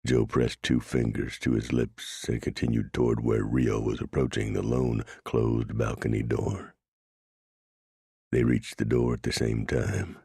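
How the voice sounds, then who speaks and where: A man narrating a western audiobook in a steady, measured way. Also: rumbling low, vocal fry, breathy edge, no room sound, studio quality. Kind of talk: scripted narration.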